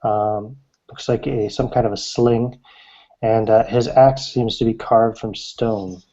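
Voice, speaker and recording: A man narrating as game master of a tabletop game, describing scenes with halting fillers. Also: lowish voice, fairly even intonation, warm tone. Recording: dull lo-fi recording.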